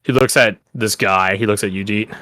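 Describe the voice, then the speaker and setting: A man's voice: lowish voice, fairly even intonation, normal speed, bright, forceful tone, dry recording. A man running a tabletop game as game master, narrating loosely and filling his lines with "like". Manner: loose narration, many fillers like "like".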